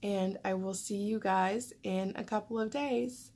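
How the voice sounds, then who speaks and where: A woman chatting casually to her viewers, rambling along with plenty of fillers. Her voice has a gravelly edge, and she talks at an unhurried, slow pace. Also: mid-range voice, fairly even intonation, a little mellow. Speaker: vlogger. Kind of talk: casual chat to camera.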